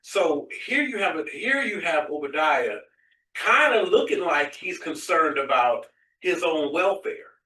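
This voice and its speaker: Bright-voiced man, distant and echoey. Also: a little high, sing-song, unhurried. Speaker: study group participant. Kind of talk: discussion comment. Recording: echoey room, voice from far off.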